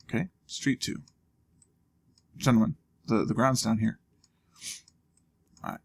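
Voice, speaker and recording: A man's voice: on the low side, steady tone, slow pace, gravelly, breathy edge. A man hosting a let's play, casually thinking aloud with wry asides as he plays. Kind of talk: casual gameplay commentary.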